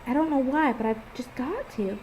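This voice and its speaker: Girl reading her own fanfic out loud, kinda high voice, faint hiss behind. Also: moderate pace, muffled recording. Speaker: fan fiction author and reader.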